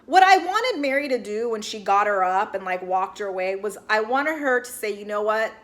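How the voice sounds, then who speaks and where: A woman's voice: mid-range voice, lively intonation, normal speed, a bit bright. A woman giving a casual recap of a reality show, chatty and full of "like" and "you guys", acting out what the people on the show said.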